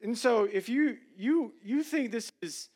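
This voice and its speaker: A man preaching a sermon from a church stage, conversational and joking, with emphatic swings in loudness. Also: very high-pitched, expressive, measured pace, slightly rough. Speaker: pastor.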